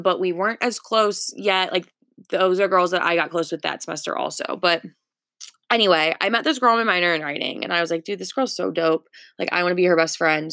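A woman's voice: on the low side, pushed and bright, no room sound, clean studio sound. A young woman in her twenties telling a story on her podcast, chatty and full of filler words. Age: 20s. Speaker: podcast host. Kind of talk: casual storytelling monologue.

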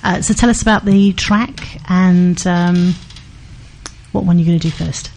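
A woman's voice: on the low side, unhurried, darkish tone, a little hiss or hum. A woman hosting an interview, asking a musician about his song with enthusiasm. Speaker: radio host.

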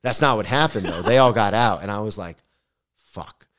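A man's voice: lowish voice, fast talker. A young man, a podcast guest, telling a comedic story with lots of swearing and acted-out quotes. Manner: animated, swearing, acts out the quotes.

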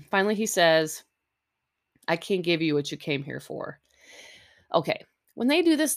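A middle-aged woman recapping a reality show in a loose, chatty podcast voice, a touch low for a woman. She talks close to the mic and drops sarcastic asides between fillers and restarts. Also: fairly bright tone. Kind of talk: casual chat. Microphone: close mic, chewing audible.

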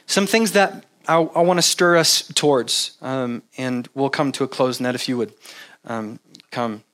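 Man preaching, casual and animated, slightly high voice, halting with restarts. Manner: animated, jokey mimicry of repetitive prayer. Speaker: pastor. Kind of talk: casual conversational sermon.

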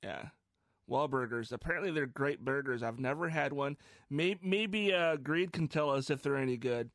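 A man's voice: mid-range voice, normal speed, a bit bright, no room sound, studio quality. A man hosting a podcast in casual chat, laughing easily and swearing offhandedly. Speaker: podcast host.

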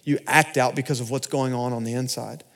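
A man preaches in a church, telling his own story. His delivery swings from loud, driving phrases to hushed, almost whispered asides. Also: medium pitch, fairly even intonation, a little fast, gravelly. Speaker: pastor. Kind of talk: sermon testimony.

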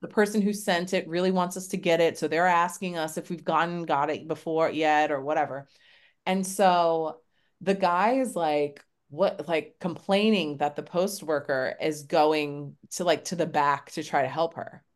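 A woman's voice: low voice, moderate pace. A woman co-hosting a podcast, telling a story in casual chat, acting out quotes with lots of "like" and casual swearing. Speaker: podcast co-host.

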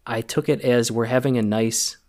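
A man co-hosting a film podcast, talking in a halting, emotional way and choking up as he recalls a scene. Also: medium pitch, fairly even intonation, darkish tone. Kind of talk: casual film discussion.

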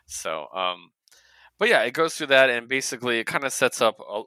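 A man's voice: mid-range voice, sing-song, normal speed, sharp tone, no echo. A man co-hosting a comic book podcast, talking casually with lots of fillers and restarts. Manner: rambling, filler-heavy. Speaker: podcast co-host. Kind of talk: casual chat.

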